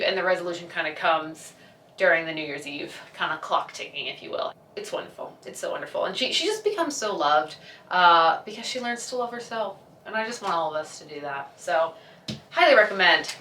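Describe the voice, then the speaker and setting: A young woman chats away as a vlogger, gushing and acting out bits of dialogue. Her voice is bright and clear, but she sits a little back from the mic. The room adds a noticeable echo. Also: mid-range voice. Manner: chatty, gushing, acts out characters' lines. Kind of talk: casual chat. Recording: echoey room, a bit far from the mic.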